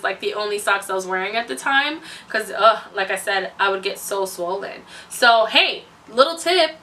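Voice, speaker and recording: Bright-voiced young woman telling her story. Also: medium pitch, distant mic, a little hiss or hum, low-quality recording. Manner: chatty and animated, quick laughs, many fillers. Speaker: vlogger sharing her birth story. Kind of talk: casual storytelling to camera.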